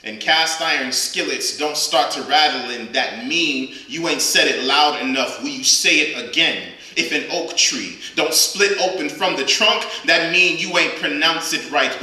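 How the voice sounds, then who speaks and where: At a live reading, a featured poet with a high-leaning, sharp-toned voice performs spoken-word poetry full of rhythmic, emphatic questions, then chats casually with the audience. The room is very echoey.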